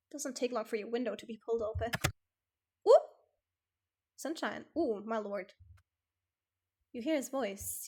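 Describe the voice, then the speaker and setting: A woman streamer reading a dating game aloud and reacting with animated, sweary frustration. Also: a little high.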